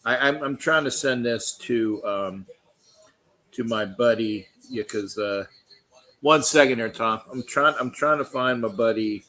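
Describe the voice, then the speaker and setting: A middle-aged man with a drawl hosts a casual football livestream. He talks slowly, rambling and cursing, with plenty of restarts. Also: medium pitch, pushed and bright, poor audio. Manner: rambling, loose and profane, with many restarts. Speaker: livestream host. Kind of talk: casual sports livestream chat.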